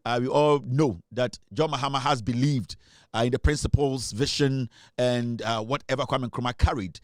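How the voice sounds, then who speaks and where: A man's voice: medium pitch, moderate pace, no echo, clean studio sound. A man with a Ghanaian accent hosting an online talk show, giving casual political commentary with many fillers and repeated slogans.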